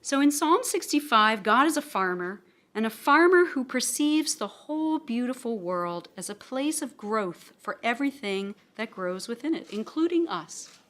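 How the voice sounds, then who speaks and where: Lively woman giving a seminary lecture. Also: fairly high pitch, moderate pace. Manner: animated, rising emphasis and trailing off at phrase ends. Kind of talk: academic lecture with read-aloud quotations. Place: library assembly room.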